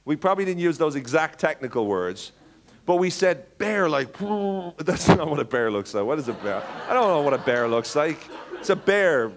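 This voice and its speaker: A man with a fairly high voice speaks at a seminar and tells a story in a playful, animated way. He acts out little voices and breaks off into jokey asides while keeping the audience with him. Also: moderate pace, heavy background noise. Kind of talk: live seminar talk.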